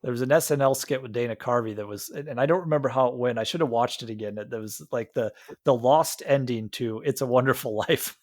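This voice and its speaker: A man's voice: medium pitch, fast, darkish tone, no echo, clean studio sound. A man from Iowa co-hosting a podcast, chatting casually about a movie with many fillers and restarts. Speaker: podcast co-host.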